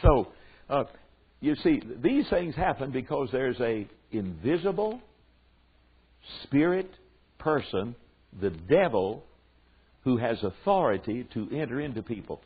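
A man's voice: mid-range voice, big pitch swings, unhurried, pauses often, husky. An older man with a Southern US accent preaching a sermon to a group of men, drawing out his words for emphasis and mixing in folksy asides. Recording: tinny phone-like recording.

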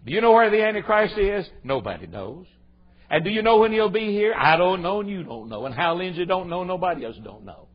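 A man preaching a folksy, emphatic sermon, jumping from loud exclamations to low asides. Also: expressive, fairly quick. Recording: dull lo-fi sermon recording.

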